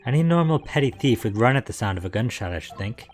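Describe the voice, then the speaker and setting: A man's voice: medium pitch, expressive, fast, soft background music, natural voice. Brief: man reading a young lawyer, plain mid voice, earnest questions. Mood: probing. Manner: probing, earnest. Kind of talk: fan voice-over reading of a game.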